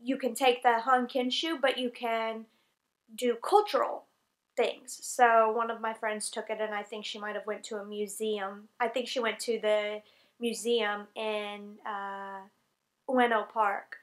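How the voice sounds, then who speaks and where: Young woman, Southern US accent, somewhat high-pitched, casual vlog chat, rambling, self-correcting. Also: little pitch movement, unhurried. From North Carolina, USA. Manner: chatty and rambling, many fillers and self-corrections. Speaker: English teacher on exchange program.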